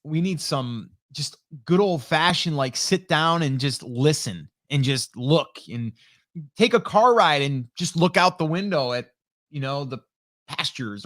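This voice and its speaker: A middle-aged man chats casually on a live stream, trailing off into fillers and restarting his sentences. His voice sits a little high for a man. He speaks into a close studio microphone with no room sound at all. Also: a bit bright, no echo. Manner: rambling, many fillers and restarts; reads viewer comments aloud. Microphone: studio dynamic microphone.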